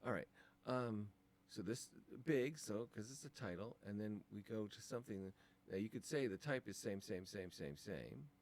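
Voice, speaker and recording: A man's voice: lowish voice, expressive, moderate pace, hardly any pauses, darkish tone. A man teaching design, talking through files on a screen capture in a casual, thinking-aloud way with many ums. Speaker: design instructor.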